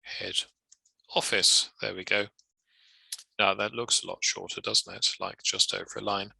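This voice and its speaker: A man teaches writing rules in a relaxed, chatty way. His voice sits low with a gravelly texture and a bright, forward tone. The sound is close and dry. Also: normal speed, no room sound, low-quality recording. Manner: chatty, conversational asides. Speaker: legal writing trainer. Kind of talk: instructional lecture.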